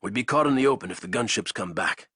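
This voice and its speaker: A man voicing a weary, determined soldier who speaks in short, steady lines with a husky voice. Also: fairly low pitch, quick pace, dry recording, studio quality, heavily acted.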